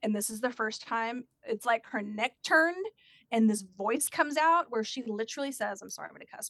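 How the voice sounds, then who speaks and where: A woman's voice: on the high side, fairly quick, dry recording, clean studio sound. A woman telling a personal story in a casual chat and acting out the voices of the people in it. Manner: animated, acts out quoted voices.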